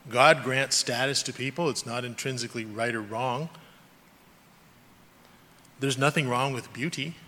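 A man's voice: medium pitch, pushed and bright. A man preaching a sermon as a pastor, earnest and emphatic, with rising and falling stress. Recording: long reverb of a large hall.

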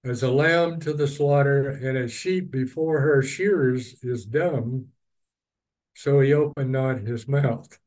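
A man's voice: medium pitch, slow, darkish tone, rough recording. A man teaching a Bible study, reading verses and then explaining them at length with personal asides. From East Texas.

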